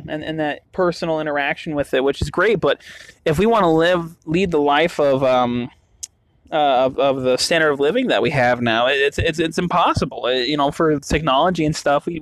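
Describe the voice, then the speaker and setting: A man's voice: on the high side, no room sound. Rambling young man, dry close sound. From western US. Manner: rambling, full of restarts and fillers. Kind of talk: casual monologue.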